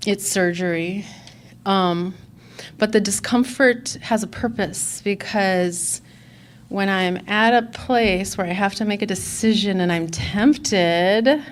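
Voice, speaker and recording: A woman's voice: mid-range voice, slow pace. A woman speaking at a recovery conference, sharing her personal story candidly and reflectively, with fillers and restarts. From Chicago.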